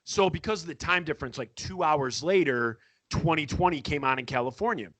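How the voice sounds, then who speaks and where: A man with a bright, higher voice spins a lively story in easygoing chat, jumping into quoted voices and laughing along the way. The sound is dry and close, with no room around it. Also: brisk, dry recording. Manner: animated, acts out quotes with laughter. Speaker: podcast guest storyteller. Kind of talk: casual storytelling.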